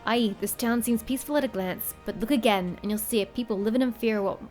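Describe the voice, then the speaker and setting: A woman reading aloud as a hearty middle-aged male tavern keeper, with only a brief try at a rough accent. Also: fairly high pitch, quick pace, a little mellow, faint music behind, close to an everyday voice. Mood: storytelling.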